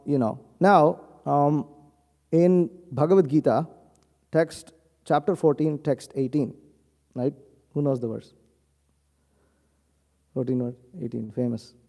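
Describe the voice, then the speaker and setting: A man's voice: high-pitched, dark tone. A man giving a scripture class, reciting verses and then translating and explaining them. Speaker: preacher. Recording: long hall reverb.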